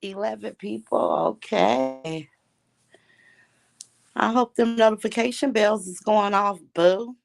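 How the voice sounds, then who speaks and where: A woman's voice: medium pitch, takes it slowly, gravelly, pauses often, no room sound. A woman hosting a casual livestream from her phone at home, chatting and greeting viewers one by one by name with pet names. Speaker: livestream host.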